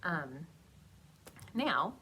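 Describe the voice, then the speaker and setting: A young woman librarian reading a picture book aloud to children, animated and chatty, with asides to the kids. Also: deep voice, very slow, slight background noise.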